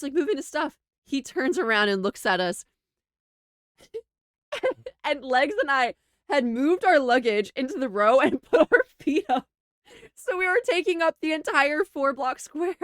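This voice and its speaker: A young woman chats to her stream with a high, bouncy voice that leaps all over the place as she laughs through a travel story. She's animated and giggly, packed with fillers. The sound is dry and close. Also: dry recording. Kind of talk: casual storytelling to a livestream chat.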